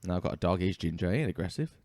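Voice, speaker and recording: A man's voice: low voice, animated, racing, darkish tone, dry recording, clean studio sound. Sweary, chatty male podcast co-host. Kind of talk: casual podcast banter.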